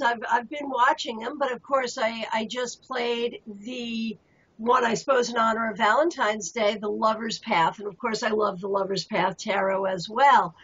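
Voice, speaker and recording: A woman's voice: on the high side, fairly bright tone, slightly rough. A woman hosting an interview, asking eager, gushing questions. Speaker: host. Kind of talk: casual interview chat. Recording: muffled lo-fi audio.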